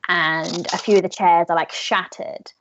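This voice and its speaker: A woman's voice: lowish voice, steady tone, normal speed, a bit bright, dull audio, a little hiss or hum. A woman narrating as game master, with casual, filler-heavy storytelling.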